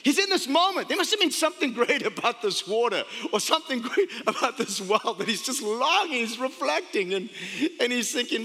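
A man's voice: extremely high pitch, fairly quick. A man with an accent preaching a sermon as pastor, telling stories and jokes with laughs along the way. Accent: non-American. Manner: animated, jokey storytelling with laughs. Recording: long reverb of a church hall.

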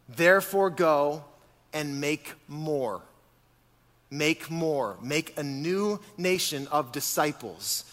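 A man preaching a sermon to a congregation, animated and full of rhetorical questions. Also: a little high. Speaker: pastor. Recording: long hall reverb.

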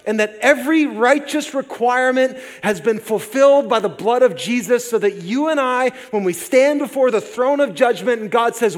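High-voiced preacher man in a reverberant hall. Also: moderate pace, hardly any pauses. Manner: lively, conversational preaching with jokey asides. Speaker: pastor. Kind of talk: sermon. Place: church sanctuary. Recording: long reverb of a large hall.

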